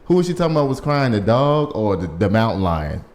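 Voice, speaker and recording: A man's voice: fairly low pitch, a little fast. A man hosting a casual news show, reading stories and riffing on them with lots of laughter. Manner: animated, laughing, riffs on stories.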